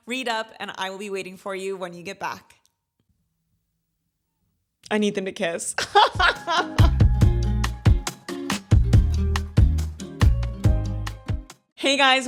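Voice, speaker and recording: Woman, 30s, book vlog host, gushing, dramatic, says like a lot, mid pitch, faint music behind. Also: a bit bright. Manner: gushing and dramatic, heavy use of "like". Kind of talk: casual book review vlog.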